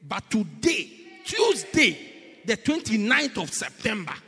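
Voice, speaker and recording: A man preaching a sermon in a church, swinging between loud, drawn-out lines and hushed whispers, repeating words for effect. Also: high voice, sing-song, breathy edge. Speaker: pastor. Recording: echoey church hall.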